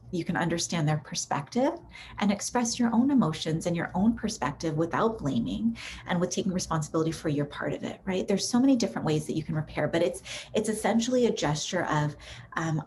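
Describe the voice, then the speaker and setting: A woman relationship therapist giving a recorded workshop in a conversational teaching style, often checking in with "right?" and filling pauses with "um". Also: lowish voice, lively intonation, darkish tone, a little hiss or hum. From Canada.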